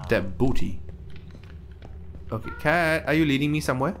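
A man's voice: a little high, animated, moderate pace, long pauses, fairly bright tone, a little hiss or hum. A young man giving casual gameplay commentary, chatty and easily surprised, stammering as he talks to the characters on screen. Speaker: let's play gamer.

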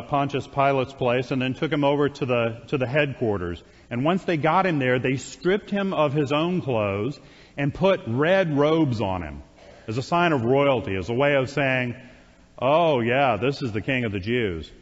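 Man preaching in a reverberant church. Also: mid-range voice. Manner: conversational storyteller with wry asides to the congregation. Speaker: priest. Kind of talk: sermon retelling a scripture story. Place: church sanctuary. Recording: dull, reverberant church recording.

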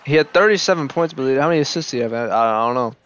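A young man commenting casually on basketball highlights, hyped and profane, talking straight to the players on screen. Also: lively intonation, very fast, a bit bright, clean tone, lo-fi sound. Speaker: YouTube highlight reactor.

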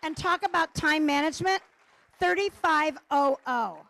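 A woman's voice: sits high, a little slow, vocal fry, fairly bright tone. A middle-aged woman lecturing at a conference, playful, acting out little dialogues with comic timing. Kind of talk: conference talk. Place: conference stage.

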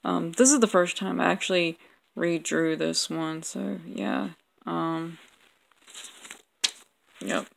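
A woman's voice: fairly low pitch, slow, vocal fry, long pauses, a little hiss or hum, poor audio. A young woman vlogging casually, rambling and mocking herself with lots of ums. She has a sore throat and keeps smacking her lips. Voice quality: lip-smacking. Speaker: vlogger reviewing her old drawings. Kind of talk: casual chat.

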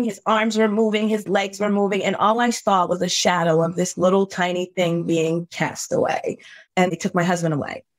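A woman's voice: fairly low pitch, no room sound. A middle-aged woman telling a personal story as a podcast guest, earnest and emotional.

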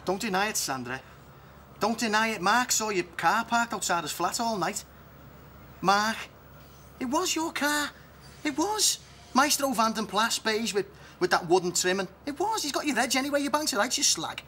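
A man's voice: sits high, animated, normal speed, sharp tone, a little hiss or hum. An actor playing a jealous, foul-mouthed man who rants and makes threats in a TV comedy. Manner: accusing, ranting, threatening.

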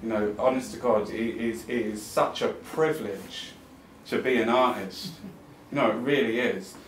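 A man's voice: mid-range voice, normal speed, slight background noise. A man giving a rambling, impassioned talk to an audience at an arts venue, restarting his sentences and swearing. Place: arts club venue, talking to a live audience. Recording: roomy venue sound, mic at a distance.

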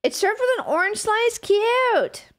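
A woman's voice: extremely high pitch, very animated, a little slow. A woman in her thirties chatting casually with her stream, giggling often and swearing freely. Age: 30s. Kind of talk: casual live-stream chat.

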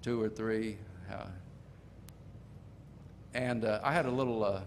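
An older man preaching a sermon in a folksy storytelling manner, slowing down to stress key points. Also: on the low side, steady tone, a little hiss or hum.

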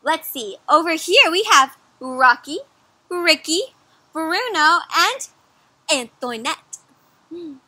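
A young woman reading a picture book aloud for children, animated, often pausing to ask her listeners questions. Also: very high-pitched, no echo. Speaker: children's storyteller. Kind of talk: interactive read-aloud for kids.

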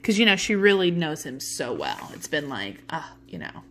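Bright-voiced woman teacher, chatty. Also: low voice, big pitch swings, normal speed. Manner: chatty, fillers like okay and you know. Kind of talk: casual lesson recap.

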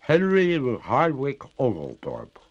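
A man voicing the ghost of a drowned young woman, speaking slowly in a gurgling, stately and reproachful way in a storybook reading. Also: medium pitch, wildly swooping pitch, lo-fi sound, pitched above the performer's own voice, exaggerated voice. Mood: haughty, mournful.

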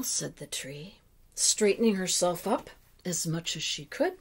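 Female children's story reader, unhurried, very lively melody, hushed moments. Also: low voice, breathy edge. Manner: slow, expressive storytelling with drops to a hush. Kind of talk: reading a picture book aloud.

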